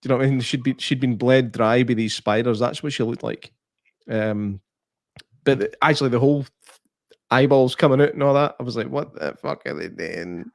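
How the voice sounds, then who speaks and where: A man's voice: mid-range voice, steady tone, brisk, no echo. A Scottish man co-hosting a podcast, trading dry, sweary banter in a casual film chat. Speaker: podcast co-host.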